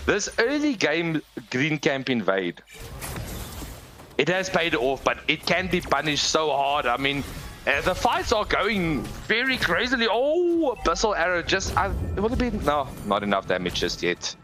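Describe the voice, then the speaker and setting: A man commenting live on an esports match, breaking down drafts and getting excited in big plays. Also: fairly high pitch, moderate pace, faint music behind.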